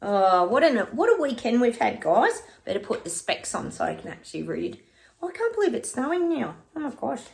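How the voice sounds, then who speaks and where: Gravelly-voiced chatty woman. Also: a little high, sing-song, a little fast, darkish tone. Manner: chatty and rambling, addresses viewers as guys. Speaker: psychic reader. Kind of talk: casual livestream chat with tarot readings.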